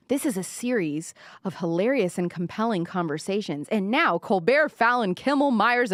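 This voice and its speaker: A woman's voice: a little high, fairly bright tone, dry recording, studio quality. A woman hosting a live-stream commentary show, talking sarcastically and mockingly. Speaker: podcast host.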